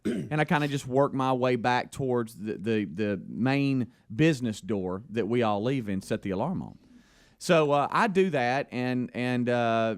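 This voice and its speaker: A man with a Southern US accent, a radio co-host telling a rambling story in casual talk on air, acting out the phone calls in it. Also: mid-range voice. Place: radio studio.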